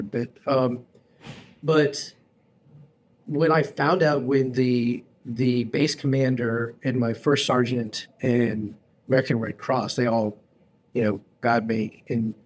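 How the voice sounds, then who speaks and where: A man in his forties hosting a casual podcast chat, telling stories in an animated, slangy way and calling people bro and dude. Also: medium pitch, husky. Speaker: podcast host.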